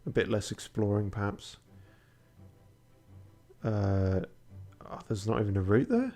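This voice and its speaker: This tired male streamer has a warm, sing-song voice and talks a little slowly, with faint music playing behind him. He mumbles low-key commentary on his game, reads its text out loud, and curses frequently.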